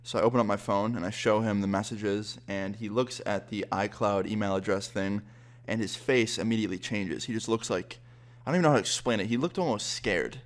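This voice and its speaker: A young man with a somewhat low voice tells a personal story to his vlog audience. He talks casually and animatedly, jumping into quoted dialogue as he goes. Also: brisk. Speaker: YouTuber.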